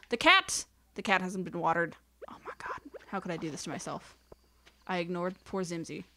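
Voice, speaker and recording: A woman's voice: lowish voice, sing-song, normal speed, background noise. Chatty young woman playing a farming game. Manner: chatty and rambling, counts aloud, frequent laughs and whispered asides. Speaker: let's play host. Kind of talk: casual gameplay commentary.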